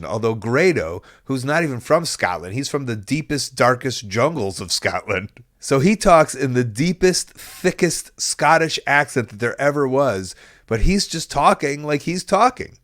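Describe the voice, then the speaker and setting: A man hosting a podcast who answers a caller's story with joking, animated commentary. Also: mid-range voice, unhurried, dry recording, studio quality. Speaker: podcast host.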